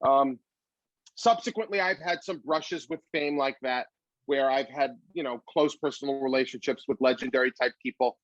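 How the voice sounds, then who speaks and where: A man's voice: mid-range voice, moderate pace, dry recording, muffled recording. A male comedian telling stories in an interview, upbeat and philosophical, rambling with fillers and restarts. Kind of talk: reflective storytelling in an interview.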